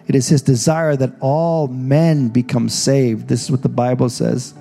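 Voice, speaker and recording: A man's voice: medium pitch, flat delivery, measured pace, gravelly, dark tone, soft background music. A man preaching a sermon as pastor, telling the story in a casual, joking way. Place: church stage.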